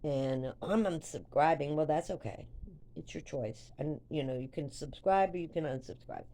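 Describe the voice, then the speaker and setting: An older woman vlogging, telling a story to her viewers in a chatty, rambling way that grows animated when she retells events. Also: deep voice, moderate pace. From United States.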